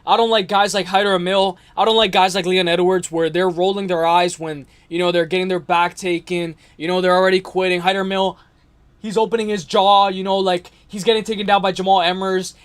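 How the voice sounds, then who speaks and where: High-voiced man rambling about fights. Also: level tone, a little fast, clear, resonant tone. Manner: rambling, slangy, repeats himself, addresses chat directly. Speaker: MMA livestream host. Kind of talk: casual fight-talk livestream.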